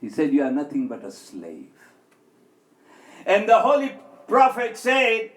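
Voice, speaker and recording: A man giving a sermon and telling stories, acting out the quoted speech with big swings in pitch and loudness. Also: huge pitch swings, a little slow. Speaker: speaker at an Islamic center. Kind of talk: sermon with storytelling. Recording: echoey hall.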